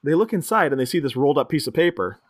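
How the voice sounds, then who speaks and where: A man co-hosting a casual movie chat, retelling scenes and jumping into squeaky impressions of the characters, often laughing. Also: sing-song, racing. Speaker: podcast co-host.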